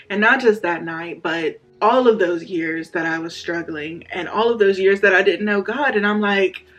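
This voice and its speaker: A man telling his personal faith story in a candid, casual way, his voice rising sharply when he acts out his own pleading. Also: high-pitched. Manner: candid, animated, voice rises sharply when reenacting pleas. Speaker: vlogger sharing a faith testimony.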